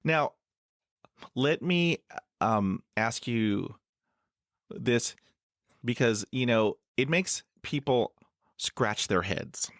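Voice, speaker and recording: A man's voice: mid-range voice, expressive, drawn-out words, pauses often, fairly bright tone, dry recording, clean studio sound. A man hosting an interview, who stutters now and then and often says "you know". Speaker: podcast host. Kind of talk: casual interview talk.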